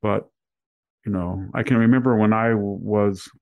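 A man's voice: lowish voice, fairly even intonation, moderate pace, vocal fry, a little mellow, dry recording. A man hosting a casual news roundup, talking in rambling personal anecdotes. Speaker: podcast host.

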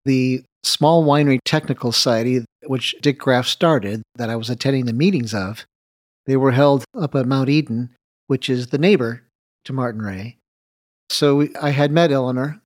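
A man in an interview spins a winemaking story and voices both sides of an old exchange, laughing now and then. His voice sits at an ordinary middle pitch. The sound is dry and close. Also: moderate pace, dry recording. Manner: anecdotal, animated retelling of dialogue with light laughs. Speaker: winemaker guest.

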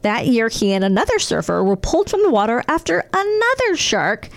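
Brief: chatty female podcast host, very expressive pitch, playful storyteller. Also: brisk, vocal fry. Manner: jokey, animated storyteller. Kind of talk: casual chat.

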